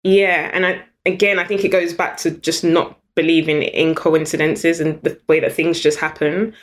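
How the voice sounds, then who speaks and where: A British woman, a guest in an interview, telling stories in an animated, chatty way and laughing often. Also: deep voice, moderate pace. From Britain. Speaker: guest entrepreneur. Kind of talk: storytelling in an interview.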